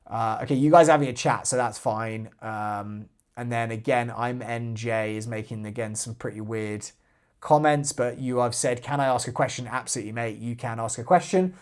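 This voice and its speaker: A man's voice: medium pitch, normal speed. A man hosting a live airsoft stream, chatting casually and reading out viewer comments between giveaway talk. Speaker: airsoft channel host.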